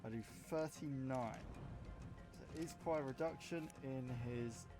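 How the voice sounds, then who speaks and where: A man's voice: mid-range voice, unhurried, music in the background. A man giving casual, rambling gameplay commentary, offhand and often correcting himself, with the hiccups. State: has the hiccups. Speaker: gaming YouTuber.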